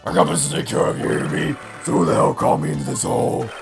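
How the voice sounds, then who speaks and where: A man voicing a brash, loud male loan-shark thug with a Brooklyn accent. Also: mid-range voice, sing-song, racing, faint music behind. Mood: angry. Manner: brash, shouting, gruff.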